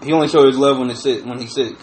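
A man's voice: mid-range voice, fairly even intonation, very fast, darkish tone. A man co-hosting a podcast, joking and teasing in casual crude banter. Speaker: podcast co-host. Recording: echoey room with faint noise.

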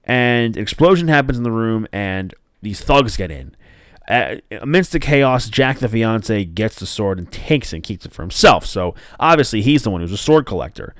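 A man's voice: lowish voice, lively intonation, moderate pace, no echo, studio quality. A man casually recapping a TV episode, rambling with lots of fillers and restarts and swearing now and then. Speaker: show recapper.

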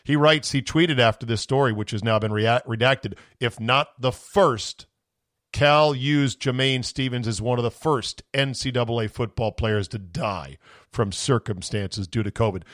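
A man rants through his podcast in a sarcastic, profane voice, strained from shouting. His pitch sits in an ordinary middle range. The recording is close and dry, with no room sound. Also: normal speed, no room sound. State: voice going from screaming. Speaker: podcast host. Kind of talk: casual podcast rant.

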